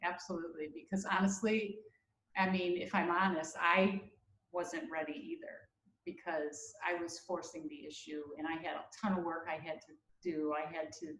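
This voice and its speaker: A woman's voice: fairly low pitch, level tone, moderate pace, fairly bright tone, echoey room, slight background noise, low-quality recording. A middle-aged woman, a mother co-hosting a webinar, reflecting in casual conversation. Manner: chimes in with short reactions and laughs.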